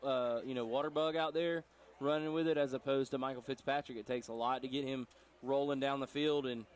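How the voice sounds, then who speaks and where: A man's voice: medium pitch, steady tone, a little fast. Chatty man giving football analysis. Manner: chatty analytical, rambling asides. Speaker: color commentator. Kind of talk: sports commentary.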